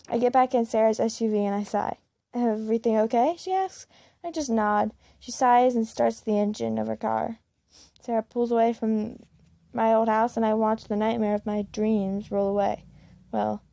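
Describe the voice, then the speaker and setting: Gravelly woman reading a story. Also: on the high side, warm tone, no echo, studio quality. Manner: plain reading with small slips and restarts. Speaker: fan-fiction reader. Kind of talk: first-person story reading.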